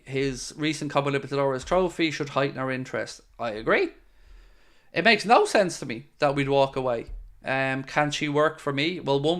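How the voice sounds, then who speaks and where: Middle-aged male host, friendly and chatty, clear smooth tone, mid pitch. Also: a bit bright. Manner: chatty and friendly, with frequent fillers. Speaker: fan channel host. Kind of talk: casual live-stream chat reading viewer comments.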